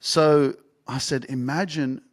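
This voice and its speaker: A man's voice: mid-range voice, fairly even intonation, slow. A young man hosting a podcast, telling a personal story in a casual, rambling way and swearing freely. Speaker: podcast host and life coach.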